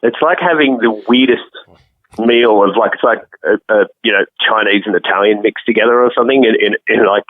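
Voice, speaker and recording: A musician being interviewed, chatting casually and rambling with many restarts. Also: male voice, on the low side, fairly quick, no room sound. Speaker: musician guest. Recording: tinny phone-like call audio.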